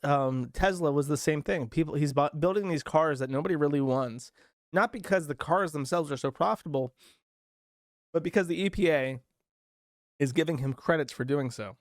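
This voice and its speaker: A man's voice: fairly high pitch, moderate pace, no echo, studio quality. A man hosting a commentary show, rambling through his points in a mocking, sarcastic way with fillers and restarts. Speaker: host.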